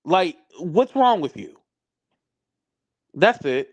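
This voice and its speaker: A man's voice: high voice, sing-song, takes it slowly, a little mellow, muffled recording. A man arguing bluntly and confrontationally on a livestream panel, repeating his points for emphasis. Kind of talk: heated argument on a livestream.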